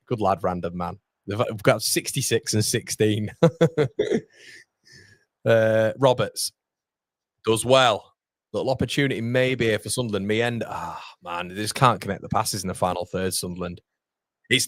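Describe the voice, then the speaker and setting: A man's voice: on the low side, no echo, studio quality. A young man hosting a live football watchalong, commenting on the match and reading viewer comments aloud with frequent laughs. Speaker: watchalong host.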